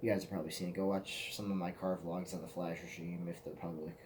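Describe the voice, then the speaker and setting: A man's voice: deep voice, flat delivery, quick pace, noisy background. A man telling rambling, profane stories to the camera in a casual vlog, often laughing at himself. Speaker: vlogger.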